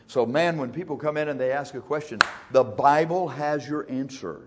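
A male pastor preaching in a church, folksy and emphatic, speeding up and slowing down for effect. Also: medium pitch, noisy background. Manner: folksy, emphatic, shifting between fast and slow. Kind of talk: sermon.

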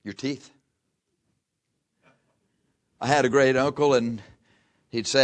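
An older man preaching a folksy sermon, reading scripture slowly and telling homespun stories. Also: medium pitch, steady tone. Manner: slow, drawn-out scripture reading mixed with chatty anecdotes.

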